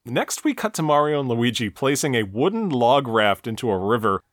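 A man recaps an old cartoon for a podcast, scene by scene, and drops dry jabs at its logic along the way. His voice sits at a middling pitch. The recording is close and dead dry. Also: big pitch swings, normal speed, a bit bright, dry recording. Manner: narrates plot beat by beat with dry asides. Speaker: podcast co-host. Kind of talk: casual recap of a cartoon episode.

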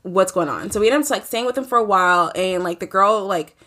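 A woman's voice: medium pitch, fast, sharp tone. A young woman telling a night-out story in casual chat, swearing freely and acting out quotes.

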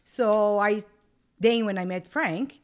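A middle-aged woman whose first language is Portuguese, speaking English at a middle pitch. She talks warmly and a little hesitantly, with broken phrasing as a podcast guest. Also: slow pace, clear, resonant tone. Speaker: guest, a host's mother. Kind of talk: casual chat.

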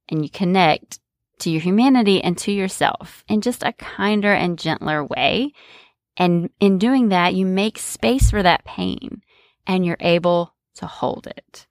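A woman's voice: lowish voice, dry recording, studio quality. A woman coaching in a conversational monologue, often checking in with "right?" and laughing lightly between points. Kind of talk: solo podcast-style monologue.

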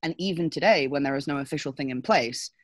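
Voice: mid-range voice, quick pace, dry recording. Rambling podcast co-host. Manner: rambling, many fillers and restarts. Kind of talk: casual podcast discussion.

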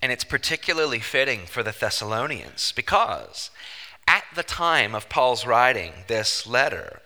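A man preaching in a lively, swooping voice with a very bright, forceful edge. He drives his points home emphatically and slips in joking asides. His voice rings out with a long reverb through a church hall. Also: mid-range voice, measured pace. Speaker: pastor. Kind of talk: sermon. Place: church sanctuary.

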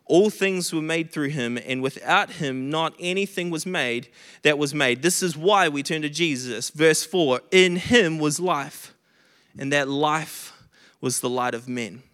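Male preacher, earnest sermon, high voice, echoey church hall. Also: a little slow, fairly bright tone, clean tone. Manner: earnest, stumbling restarts, stresses repeated phrases. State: recovering from illness, short of breath.

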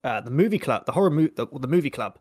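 A man's voice: mid-range voice, lively intonation, fast talker, a little mellow, no room sound, studio quality. A man co-hosting a horror film podcast, chatting casually and often acting out what people said. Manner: chatty, slips into mimicking people. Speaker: podcast co-host.

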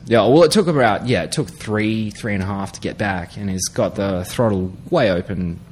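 A man's voice: lowish voice, normal speed, a little mellow, slight background noise. A man telling a long fishing story in casual chat, laid-back and laughing through it. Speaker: guest angler.

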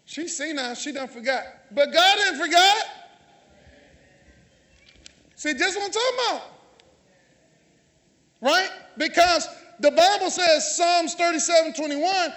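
A man's voice: extremely high pitch, expressive, unhurried, pauses often, pushed and bright. A man with a Southern US accent preaching a sermon in a church, calling out to the congregation and teasing them. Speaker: pastor. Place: church sanctuary. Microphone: handheld or stage mic.

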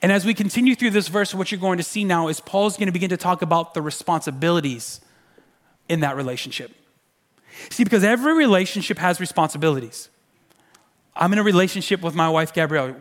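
Animated high-voiced male preacher. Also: fast. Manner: conversational, animated preaching with pleading asides. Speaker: pastor. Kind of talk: sermon.

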